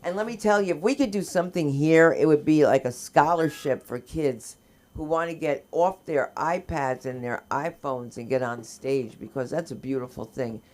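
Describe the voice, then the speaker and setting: A woman hosting an open mic comedy night, chatty and teasing as she warms up the crowd and brings on the next act. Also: deep voice, moderate pace. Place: comedy club stage.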